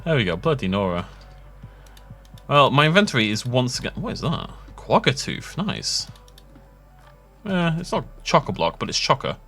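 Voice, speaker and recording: A man's voice: mid-range voice, big pitch swings, moderate pace, pauses often, sharp tone, soft background music. Rambling guy narrating his gameplay. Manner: chatty, self-mocking, laughs often. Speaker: gaming YouTuber.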